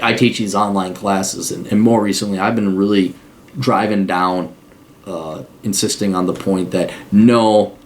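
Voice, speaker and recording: A middle-aged man hosting an advice podcast, talking bluntly and sarcastically and acting out mock quotes. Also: lowish voice. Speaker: podcast host giving advice. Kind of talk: casual advice monologue.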